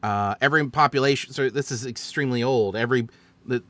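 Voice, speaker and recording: A man's voice: mid-range voice, moderate pace, fairly bright tone, no room sound. A man as dungeon master, chattily recapping and explaining his choices on a stream. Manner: chatty, explaining with fillers and self-corrections.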